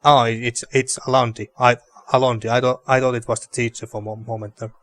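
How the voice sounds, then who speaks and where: A man's voice: medium pitch, level tone, quick pace, a bit bright. A man giving casual gameplay commentary, thinking aloud in a hesitant way with fillers. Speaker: let's play host.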